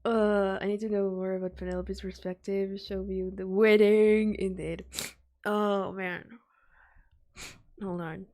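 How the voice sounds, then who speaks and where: A woman's voice: mid-range voice, flat delivery, measured pace, a little mellow. A woman streamer reacting live and talking to her chat, gushing with emotional exclamations.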